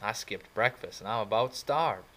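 A man reading an audiobook and voicing a blunt, tough young male greaser with gruff, drawling talk. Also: lowish voice, normal speed, fairly bright tone, low-quality recording. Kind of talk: audiobook character voice.

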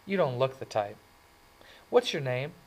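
A man reading aloud and voicing a cool, sharp-tongued teenage girl in a raised voice. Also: medium pitch, very animated, a little slow, pitched above the performer's own voice, poor audio. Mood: softening. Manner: biting, dismissive.

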